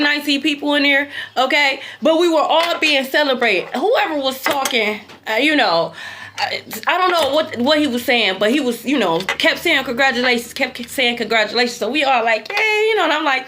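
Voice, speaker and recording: A young adult woman telling a story casually to her viewers, animated and slangy, swearing freely and calling them y'all. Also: high voice, slight background noise. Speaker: intuitive tarot reader.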